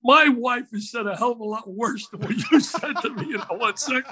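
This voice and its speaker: An older man talking warmly and emphatically about a longtime broadcasting colleague in casual conversation. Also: very high-pitched, fairly quick, husky, low-quality recording. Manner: effusive, emphatic praise. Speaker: guest, former co-broadcaster. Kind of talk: casual chat.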